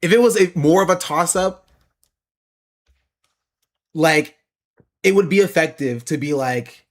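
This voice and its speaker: Male streamer, slightly high voice, opinionated political commentary, explains points. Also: slow pace, pauses often.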